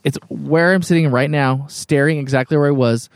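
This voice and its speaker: A man's voice: a little high, steady tone, moderate pace, dry recording. Podcast guy, teasing, laughs a lot, dry close mic. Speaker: podcast co-host. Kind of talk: casual chat.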